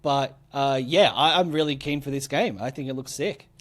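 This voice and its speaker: A man's voice: mid-range voice, normal speed, a bit bright. A man co-hosting a gaming podcast, upbeat and enthusiastic, with lots of ums and uhs. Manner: upbeat, many fillers, enthusiastic. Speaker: podcast co-host. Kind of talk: casual chat.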